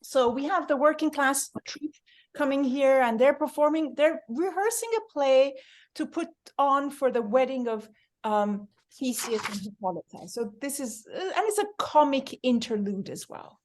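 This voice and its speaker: A woman leading a reading group over a video call, chatty and animated with many fillers. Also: sits high, moderate pace.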